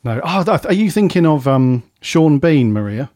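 A man's voice: on the high side, very animated, normal speed, a little mellow, dry recording. Chatty male podcast host, dry sound. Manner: chatty, rambling off on tangents. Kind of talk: casual panel chat.

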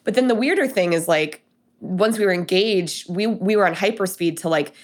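A woman's voice: mid-range voice, moderate pace. A young woman from Denver, chatting casually and telling a personal story with lots of fillers and acted-out dialogue. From Denver, USA. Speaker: guest telling her story.

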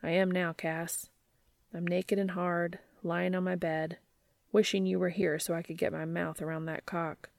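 A woman voicing a brash, eager adult man, speaking in a hushed, urgent way in an amateur audiobook reading. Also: fairly low pitch, little pitch movement, unhurried, creaky, dry recording, clean studio sound.

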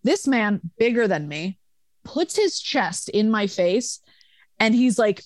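A woman's voice: mid-range voice, sing-song, a little slow, dry recording. A young woman recounts a night from her bar-manager days in loose podcast chat. She swears freely and acts out every quoted voice. The sound is dry and close. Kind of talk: casual podcast storytelling.

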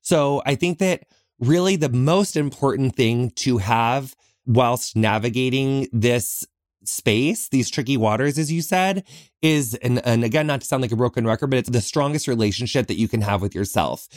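A man of middle pitch hosts his own podcast and talks earnestly, picking his words slowly with many pauses and restarts. He records in a small closet, so the sound is close and dry, with no room echo. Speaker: podcast host. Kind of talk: heartfelt solo podcast talk.

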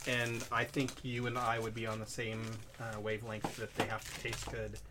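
Man co-host, relaxed rambling talker, loud noise underneath. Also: fairly low pitch, moderate pace. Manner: rambling, easygoing explanations. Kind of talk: casual chat.

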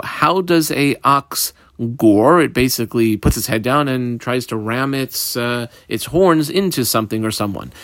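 In a clean studio recording with no room sound, a man with a medium-pitched, fairly bright voice teaches a daf yomi Talmud lesson. He works through the page step by step, reading Hebrew and Aramaic phrases aloud in Ashkenazi pronunciation and translating each one as he goes.

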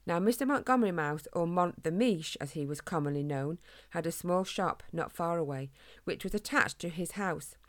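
A woman's voice: lowish voice, normal speed. Woman reading a children's story. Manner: gentle, expressive reading.

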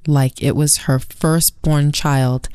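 Woman in her forties, low pitch, dry studio mic; earnest, conversational storyteller. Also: steady tone, slow, warm tone, smooth, dry recording. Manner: earnest storytelling, mimics family members in quotes. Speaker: podcast co-host. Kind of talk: casual conversation.

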